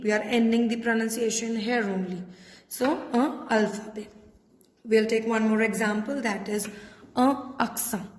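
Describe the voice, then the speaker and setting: A woman teaching a French class patiently, spelling out letters and repeating words. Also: on the high side. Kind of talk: classroom lesson. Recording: echoey room with long reverb.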